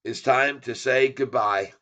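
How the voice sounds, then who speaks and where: A man's voice: mid-range voice, unhurried, sharp tone. A man hosting a long stock market livestream, chatting casually and rambling as he thanks viewers by name. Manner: tries broken French and Spanish.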